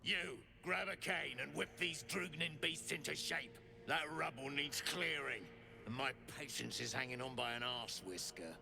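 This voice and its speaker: An actor playing a gruff, short-tempered male overseer in a video game, barking orders and threats. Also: medium pitch, normal speed, noisy background, natural voice. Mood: bossy. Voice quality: gravelly.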